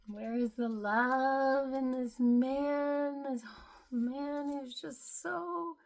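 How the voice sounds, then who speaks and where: Woman in her 30s, slow, higher voice, rambling vlog talk full of fillers. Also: steady tone. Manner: meandering, heavy use of "like", soft musing tone. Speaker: spiritual vlogger. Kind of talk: casual rambling monologue.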